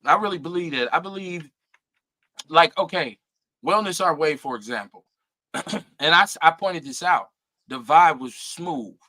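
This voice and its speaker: A middle-aged man co-hosting a casual talk show, animated and profane, laughing often and mimicking people. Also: fairly high pitch, unhurried, long pauses. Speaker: co-host.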